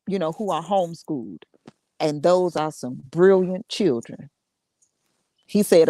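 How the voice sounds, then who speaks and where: A woman hosting a show, sharing a personal story in a casual, halting way with many repeats and laughs. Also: on the low side, a little mellow, no echo. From United States. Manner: conversational, repeats words, laughs often. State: emotional, fighting tears. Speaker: podcast host.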